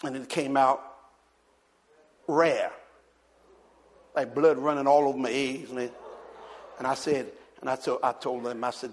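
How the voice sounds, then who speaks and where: A male pastor preaching a sermon, telling a chatty story full of restarts and rising to shouted calls for the congregation to repeat. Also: mid-range voice, steady tone, a little slow, long pauses, a little hiss or hum. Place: church. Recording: long hall reverb.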